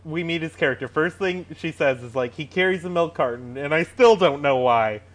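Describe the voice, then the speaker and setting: A man's voice: a little high, a little fast. A man co-hosting a podcast, sarcastic and exasperated as he picks apart a movie in casual chat, swearing as he goes. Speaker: podcast co-host.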